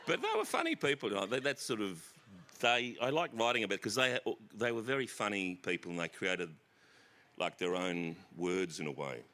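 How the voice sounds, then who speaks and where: A middle-aged Australian man telling family stories as an author guest on a festival stage, animated and laughing. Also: fairly low pitch, normal speed. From South East Queensland, Australia. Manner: animated, bursts into shouted impressions and laughter.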